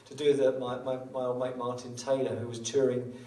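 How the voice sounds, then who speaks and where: Between tunes at a small venue, an older man with a guitar talks briskly in a mellow, level, mid-range voice. His stage banter wanders, full of self-deprecation and jokes on the side. A far-off mic catches the roomy space along with the guitar.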